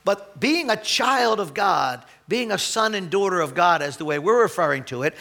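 A high-pitched man delivers a sermon in a loose, conversational way. He stumbles over restarts and clears his throat now and then, and his voice climbs when he reads scripture aloud. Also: lively intonation, normal speed, sharp tone. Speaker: pastor.

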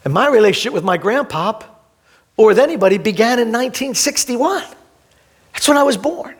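A man in his sixties, a pastor preaching a sermon, impassioned, moving from quiet reflection to shouting. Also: extremely high pitch, animated, fairly quick, slightly rough. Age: 60s. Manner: impassioned, swings from soft to shouting.

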